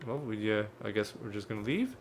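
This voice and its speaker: A man's voice: fairly low pitch, very animated, a little fast, a little hiss or hum. A man playing a video game and chatting casually about it, often laughing and restarting words. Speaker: gaming channel host.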